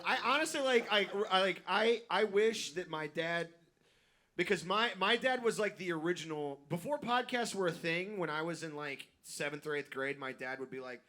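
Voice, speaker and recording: A young man co-hosting a live comedy podcast, telling excitable stories and mimicking his parents. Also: on the high side, fairly quick. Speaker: podcast co-host and editor. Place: live venue stage.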